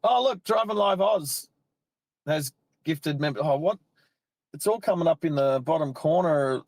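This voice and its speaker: A man's voice: a little high, expressive, measured pace, a little mellow, no echo. A middle-aged Australian man chatting casually on a live stream from a parked car on an outback roadside, rambling and cutting himself off mid-thought. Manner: chatty, rambling, self-interrupting. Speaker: live-stream driving host.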